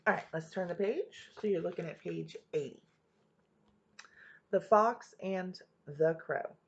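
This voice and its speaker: Give me a woman teacher walking kids through a reading lesson with a low, gravelly voice. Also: a little slow. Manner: patient, explains step by step, often says "all right". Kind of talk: reading lesson for young students. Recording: dull lo-fi home recording.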